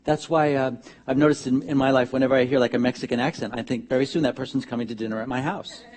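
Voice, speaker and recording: A fast-talking minister with a mid-range voice delivers a chatty, humorous sermon in a church sanctuary, full of lively asides. There's a little hiss or hum on the recording.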